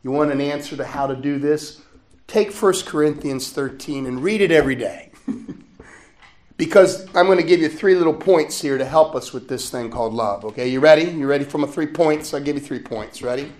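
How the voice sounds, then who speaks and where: A man from the States, preaching a sermon in a lively call-and-response manner and chuckling often. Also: on the high side, brisk. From Southern United States.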